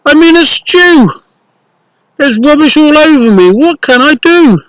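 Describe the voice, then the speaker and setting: A man's voice: expressive, measured pace, a bit bright, dry recording, exaggerated voice, poor audio. Nessie, a man doing a squealing messy little girl. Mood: panicked. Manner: very high squealing rhymes.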